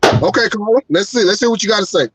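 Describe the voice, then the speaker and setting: A man's voice: sits high, lively intonation, quick pace, noisy background. A man hosting a live talk show, ranting angrily and profanely, firing off one rhetorical question after another. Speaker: host. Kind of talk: heated live-show rant.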